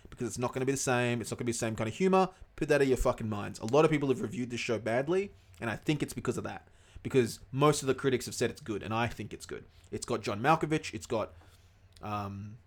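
A young man co-hosting a casual podcast, rambling, swearing freely and losing track of names. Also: medium pitch. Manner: rambling, swears a lot, loses his words. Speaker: podcast co-host.

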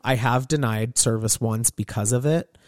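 A man's voice: mid-range voice, normal speed, no room sound. Chatty man telling stories, dry sound. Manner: storytelling, lively and chatty. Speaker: hairstylist and podcast co-host. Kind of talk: casual podcast chat.

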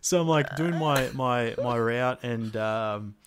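A man's voice: medium pitch, takes it slowly, a crowd in the background. A man co-hosting a podcast, telling a gaming story in a laid-back way and swearing freely. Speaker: podcast co-host. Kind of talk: casual storytelling chat.

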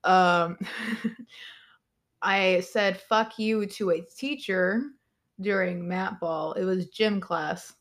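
A young adult woman telling a story as a podcast guest, animated, laughing often and swearing a lot. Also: mid-range voice, extremely slow, long pauses. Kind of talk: casual storytelling.

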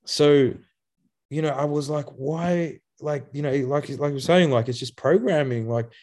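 An animated man talking in a casual podcast interview. His voice sits at a middle pitch, and he tells stories quickly, acting out the people he quotes and breaking into laughs and curses. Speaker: guest, youth program founder.

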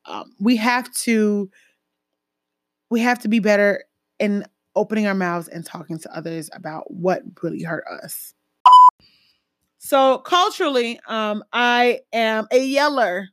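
A woman from a Jamaican family talking casually about her life, full of fillers and lively emphasis. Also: mid-range voice, unhurried, no room sound. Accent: American with Jamaican-family roots. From Caribbean, Jamaican family. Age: adult, a mother. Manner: conversational, lots of fillers, animated emphasis. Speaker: speaker sharing personal stories. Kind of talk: casual personal talk.

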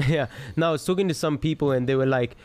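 Animated young man telling stories. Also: fairly high pitch, quick pace, a little hiss or hum. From born in London, raised in South Africa. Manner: animated storyteller, slangy. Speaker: podcast co-host, actor. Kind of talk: casual podcast chat.

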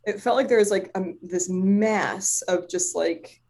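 A woman telling a personal story in casual chat, animated and swearing freely, with lots of "like" fillers. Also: medium pitch, unhurried.

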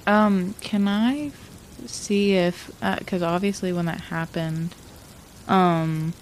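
A woman playing a tabletop role-playing game, speaking in a hesitant, halting way with many fillers. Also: fairly low pitch, fairly even intonation, a little hiss or hum. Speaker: player. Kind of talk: casual tabletop game talk.

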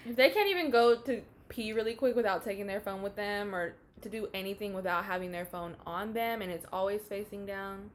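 A woman's voice: mid-range voice, brisk, hardly any pauses. A woman co-host chatting casually and backing up the speaker with short replies. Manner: supportive, short agreeing replies. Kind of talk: casual chat.

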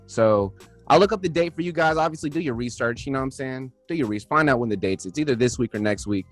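A man's voice: mid-range voice, lively intonation, quick pace, no room sound, soft background music. A man co-hosting a casual podcast, loose and chatty, often tagging his sentences with "man". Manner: laid-back, drops "man" and "you know what I'm saying" often. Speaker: podcast co-host. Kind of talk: casual chat.

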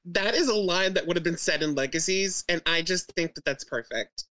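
Enthusiastic woman co-host, lowish voice, dry recording, lots of laughter. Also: moderate pace, a bit bright, no room sound. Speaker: podcast co-host. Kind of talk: casual chat about a TV show.

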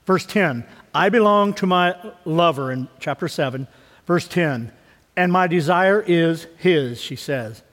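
Pastor guy in his fifties, high voice, chatty sermon, long echo like a big church. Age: 50s. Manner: conversational preaching, swings between loud emphasis and low asides. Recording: long hall reverb.

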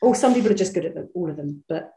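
A woman's voice: fairly low pitch, lively intonation, rapid-fire, warm tone. A woman with a lilt talks easily and at length, circling back and restarting her sentences as she goes. She is recorded in a roomy space, and her voice rings a little off the walls. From Bristol, England. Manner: chatty, self-deprecating, many restarts. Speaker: voice actress guest. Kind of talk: casual interview chat. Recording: echoey room.

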